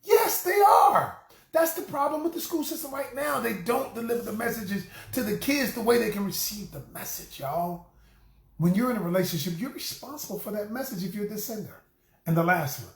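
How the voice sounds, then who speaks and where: A middle-aged man coaching on relationships in a lively, preachy way, often turning to his listeners with a friendly y'all. His voice sits high for a man. The sound carries a noticeable room echo. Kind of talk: motivational talk to camera.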